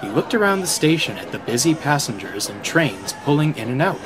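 A man's voice: mid-range voice, sing-song, fairly quick, noisy background. A man reading a children's train story aloud in a storyteller style. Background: background music.

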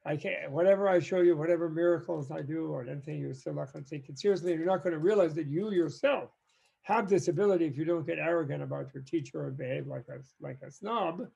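A man voicing a gentle, mischievous old male guru who talks in a mild, teasing, mock-apologetic way, in a dull lo-fi recording. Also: a little high, fast talker, vocal fry, breathy edge, full character voice. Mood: weary. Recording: dull lo-fi sound.

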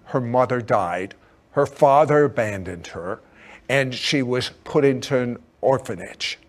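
A man hosting a Christian television talk show, retelling guests' stories with exclamations. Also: medium pitch. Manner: animated, exclaiming storyteller with laughs.

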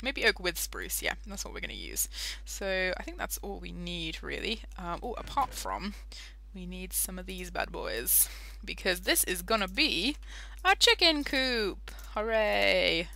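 Bright chatty British woman gamer. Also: on the low side, huge pitch swings, normal speed, vocal fry. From Britain. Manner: chatty, giggly, easily sidetracked. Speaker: Minecraft let's-play host. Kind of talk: casual gameplay commentary.

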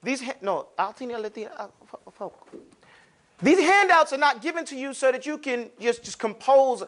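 A man teaching Arabic pronunciation to a class, demonstrating sounds with exaggerated mouth shapes in an animated way. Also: extremely high pitch, normal speed. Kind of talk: classroom lesson. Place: classroom with students.

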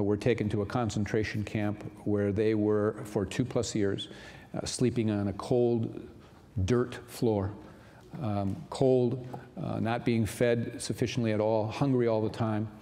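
A man delivers a sermon in an earnest, unhurried way, often pausing on fillers. His voice is mellow and soft-edged. It carries through a large hall with a long reverb tail. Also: fairly low pitch, steady tone. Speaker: pastor. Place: large church sanctuary.

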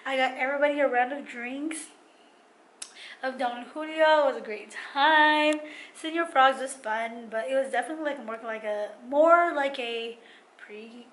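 A woman's voice: sits high, normal speed, fairly bright tone, poor audio. A young woman vlogging on a trip, talking in a chatty, slangy way and laughing often, outdoors on a phone camera. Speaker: travel vlogger. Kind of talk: casual travel vlog. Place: outdoors on a tourist strip and by a pier. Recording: outdoor ambient noise behind.

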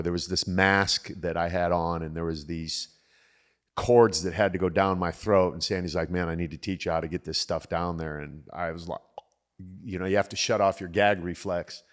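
A man's voice: low-pitched, normal speed. A middle-aged man hosting a casual chat, telling stories and acting out the quotes. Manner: animated storyteller acting out quotes. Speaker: podcast host.

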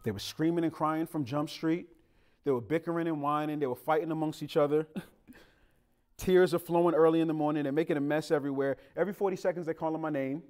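A slightly high, slightly fast male voice delivers a sermon. The pastor jokes his way through family stories with casual, animated storytelling, talking right to the people in the pews.

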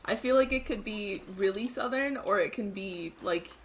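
A woman's voice: mid-range voice, moderate pace, a little hiss or hum. A young woman in her twenties co-hosting a casual live stream, chatty and using "like" often. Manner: chatty, uses "like" a lot. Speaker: co-host.

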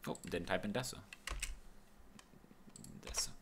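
A man hosting a casual screen-recorded software tutorial, talking in a laid-back, rambling way with lots of fillers. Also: deep voice, a little slow. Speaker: tutorial host.

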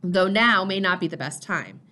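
A woman reading a story aloud, voicing a somber male neighbor who speaks low and cautiously. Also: animated, normal speed, bright, forceful tone. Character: somber male neighbor bringing bad news.

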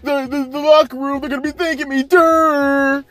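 A dim-witted, whiny male wrestler talking in a dopey drawl and tacking a slow "duh" onto his lines. The voice sits far higher than a plain speaking voice and is pushed loud. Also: little pitch movement, dry recording. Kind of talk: mocking impression in a rant.

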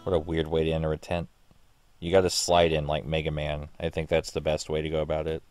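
A man with a very deep voice rambles through a casual let's play commentary. He talks in a sarcastic, offhand way and swears freely, with faint music under him. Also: monotone, fairly quick, darkish tone, dry recording. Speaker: gaming streamer.

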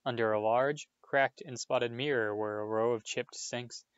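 A man's voice: medium pitch, fairly even intonation, measured pace, clean tone, no room sound, lo-fi sound. A man reading a children's novel aloud, plain storytelling that lifts for the dialogue. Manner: plain storytelling with small restarts, lifting his voice for dialogue. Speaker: audiobook reader.

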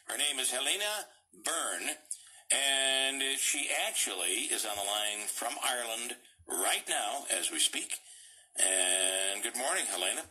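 A male radio host leads a friendly interview. His voice is bright and mid-pitched, and he talks eagerly, pausing and restarting as he goes. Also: lively intonation, rough recording. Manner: eager, halting with frequent fillers.

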